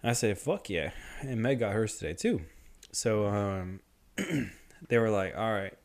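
A man's voice: on the low side, unhurried. Young guy ranting a story casual, swears a ton, voice jumps all over. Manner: animated storytelling, heavy swearing, slangy. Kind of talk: casual chat.

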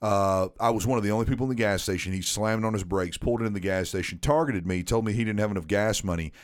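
A man co-hosting a podcast, telling a story in a laid-back, deadpan, casual way. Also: fairly low pitch, quick pace, smooth. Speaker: podcast co-host.

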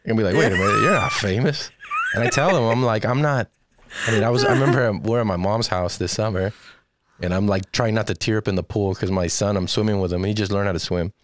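Deep-voiced man telling animated stories. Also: quick pace, no echo, clean studio sound. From Texas. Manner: animated storyteller acting out quotes. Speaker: stand-up comedian. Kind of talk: casual interview chat.

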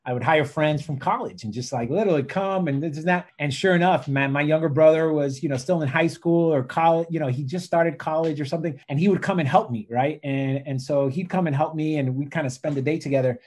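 A man telling stories in a casual podcast chat, animated and fond of saying "literally" and "right?". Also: a little high, a little fast, hardly any pauses. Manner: animated storyteller, says "literally" and "right?" often. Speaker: podcast guest.

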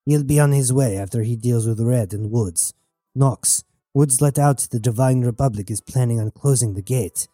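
A breezy, confident female crew member, voiced by a man in a radio drama, relaxed and offhand in her speech. The voice is dark and mellow, recorded close and dry. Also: medium pitch, moderate pace, no room sound, faint music behind, close to an everyday voice.

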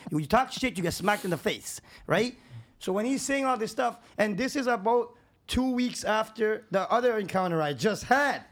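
A man with a high voice tells his stories as a podcast guest. His talk is casual, rambling and full of swearing. He drops low for asides and climbs high when a story gets exciting. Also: moderate pace. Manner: profane, animated, rambling anecdotes; swings between low asides and raised excitement.

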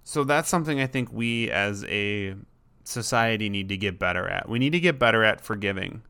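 A man's voice: fairly low pitch, animated, moderate pace, pushed and bright, clean tone. A man hosting a podcast, talking casually and rambling, often repeating words and voicing his dog in short asides. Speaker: podcast host.

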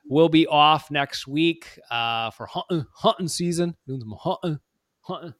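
A man's voice: fairly high pitch, a little slow, fairly bright tone, dry recording, studio quality. A man co-hosting a casual podcast chat, rambling and correcting himself as he talks. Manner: rambling, self-correcting, jokey. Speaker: podcast co-host.

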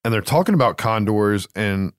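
A man's voice: lowish voice, lively intonation, normal speed, smooth, no echo, studio quality. A man co-hosting a casual movie recap, loose and profane, laughing easily. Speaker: podcast co-host.

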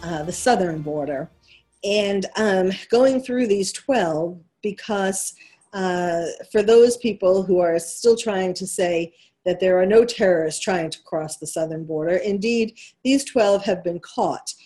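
A woman's voice: medium pitch, a little slow, mellow, soft background music. A woman with a New York accent hosting a talk radio show, delivering an emphatic monologue full of rhetorical questions.

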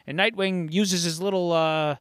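A man co-hosting a podcast, casually retelling a story in a rambling, animated way. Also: sits high, normal speed, no room sound, studio quality. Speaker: podcast co-host. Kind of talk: casual chat, retelling an episode.

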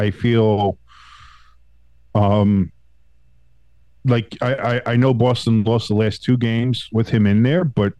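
A man co-hosting a casual sports podcast, talking in a rambling, animated way with restarts and swearing, still getting over a cold. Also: lowish voice, no echo. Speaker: podcast co-host.

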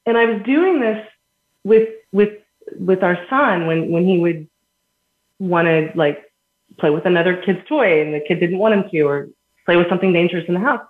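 A woman's voice: lowish voice, normal speed. A woman on an echoey phone line. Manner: earnest, explains with everyday examples, laughs between points. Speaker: guest. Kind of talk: conversational podcast interview.

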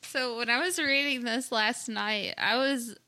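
A woman reading out strange news stories on a casual comedy podcast and laughing easily between lines. She talks at a slow, unhurried pace in a slightly high, bright voice. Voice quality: giggly, laughs often.

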